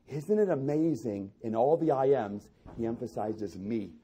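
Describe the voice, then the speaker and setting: A male pastor preaching a sermon with impassioned, repetitive emphasis, swinging between loud climaxes and hushed prayer. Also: mid-range voice, expressive, normal speed, hardly any pauses, breathy edge.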